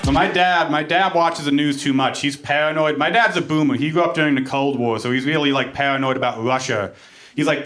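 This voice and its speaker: A man's voice: a little high, steady tone, fairly quick, fairly bright tone. A young man doing a stand-up set on a club stage, telling jokes in a dry, self-deprecating, matter-of-fact way. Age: young adult. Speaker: stand-up comedian. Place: comedy club stage before a laughing audience.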